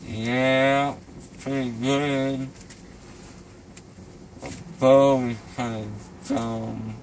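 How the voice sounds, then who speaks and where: A young man, groggy after wisdom teeth removal, talking in a slow, slurred, goofy way. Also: mid-range voice, level tone, slight background noise, rough recording. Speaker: patient. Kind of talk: casual chat.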